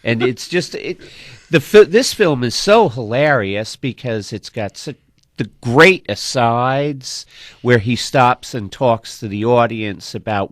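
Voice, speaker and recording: Slow-talking movie show co-host. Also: male voice, medium pitch, a bit bright, no room sound, clean studio sound. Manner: searching for words, halting. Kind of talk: casual movie talk.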